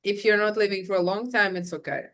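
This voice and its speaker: Chatty mom stretching words for emphasis. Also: female voice, medium pitch, steady tone, fast talker, fairly bright tone. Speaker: podcast co-host, working mother. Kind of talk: casual podcast chat.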